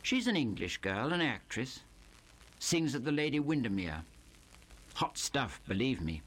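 A man's voice: mid-range voice, big pitch swings, unhurried, fairly bright tone, slight background noise. A man voicing a self-satisfied young playboy who drawls in broken English. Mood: drawling. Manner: lazy drawl.

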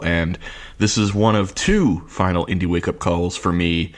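A man filling in as a radio DJ, announcing songs in laid-back, friendly patter with a sore, hoarse voice and audible vocal fry. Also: sits low, expressive, normal speed. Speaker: fill-in radio DJ. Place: radio studio.

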